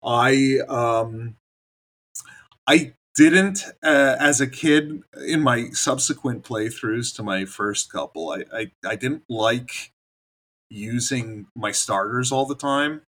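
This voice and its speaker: A man co-hosting a casual podcast, talking in an easygoing, rambling way. He laughs often between thoughts. His voice sits at an ordinary middle pitch. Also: takes it slowly, a bit bright. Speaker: podcast co-host. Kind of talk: casual chat.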